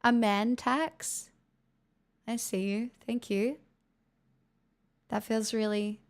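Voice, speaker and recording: A woman's voice: a little high, fairly even intonation, takes it slowly. A woman, chatting casually on a livestream and thanking viewers, swearing freely as she goes. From Australia.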